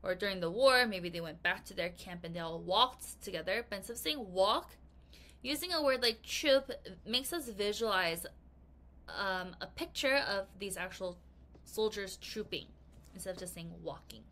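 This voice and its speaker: A woman teaching English vocabulary in a recorded lesson, playful and expressive, acting out example sentences and reading them slowly and carefully. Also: medium pitch.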